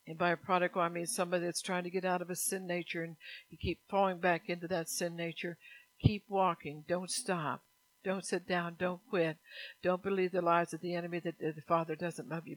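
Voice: mid-range voice, level tone, fairly quick, dry recording, rough recording. A preacher delivering a fervent sermon, repeating exhortations and asking the congregation rhetorical questions.

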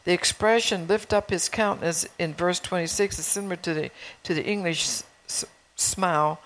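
A woman's voice: lowish voice, normal speed, fairly bright tone, slight background noise, poor audio. A woman preaching a sermon in a conversational way, reading scripture and telling stories from her own home life.

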